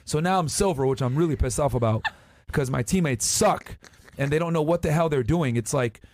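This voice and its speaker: A man's voice: a little high, brisk, a little mellow, slight background noise. A man hosting a podcast, chatting casually in slangy, laid-back talk. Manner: slangy, laid-back, calls listeners "bro". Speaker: podcast host.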